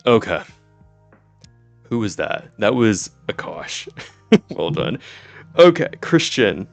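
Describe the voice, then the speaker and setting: A young man with a low, gravelly voice chats on a live stream, giddy and quick to laugh, swearing casually as he goes. Faint music plays softly behind him. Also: very animated, no room sound. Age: 20s.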